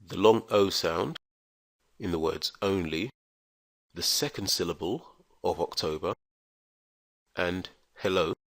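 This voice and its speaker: A man teaching English pronunciation in a careful, scripted lesson, spelling out letters and sounds with slow, deliberate enunciation. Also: low-pitched, fairly bright tone, dry recording.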